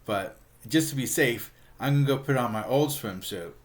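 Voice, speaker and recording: A man's voice: mid-range voice, moderate pace, close to an everyday voice. A man voicing a cheerful, innocent teenage girl who talks in a sweet, prim way.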